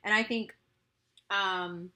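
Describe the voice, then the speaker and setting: A young woman co-hosting a podcast at a medium pitch, easygoing and thoughtful. She talks through her own feelings in a reflective way and keeps agreeing with quiet mm-hmms. It is casual conversation between friends. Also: takes it slowly. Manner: relaxed, reflective, affirming with frequent mm-hmms. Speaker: podcast co-host. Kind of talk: casual chat.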